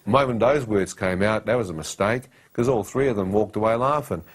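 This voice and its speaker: A man's voice: fairly low pitch, brisk, breathy edge. A man sharing a personal testimony, telling his story vividly in the present tense with asides to his listeners.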